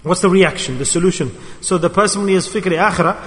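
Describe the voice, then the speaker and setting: A man's voice: sits high, fast talker, fairly bright tone. A man preaching a sermon with passion, repeating his key phrases for emphasis. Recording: long hall reverb.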